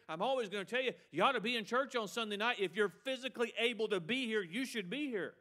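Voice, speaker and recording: High, bright-voiced preaching man. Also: fast talker. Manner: emphatic preaching, repeating a refrain; quotes excuses in a mocking voice. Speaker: pastor. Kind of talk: sermon.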